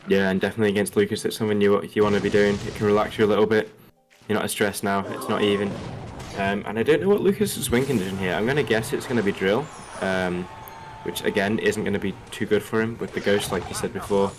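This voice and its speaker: A man with a low voice and a general English accent touched by an Australian twang co-casts an esports match. He talks fast and breaks down each play analytically. Music plays clearly behind him. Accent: general English with slight Australian twang. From Liverpool, England. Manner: quick, analytical. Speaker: co-caster. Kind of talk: esports commentary.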